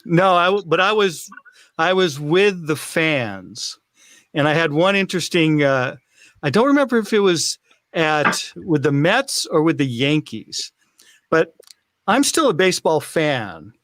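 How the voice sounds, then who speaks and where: A man, a sports camera operator, chatting casually as a guest over a video call, halting and restarting his sentences. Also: fairly high pitch, big pitch swings, a bit bright, dry recording.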